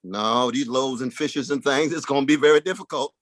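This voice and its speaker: A man voicing Jesus as a patient, soft-spoken figure who gently pushes back in an imagined exchange. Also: medium pitch, fairly quick, no room sound, natural voice. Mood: gently reluctant.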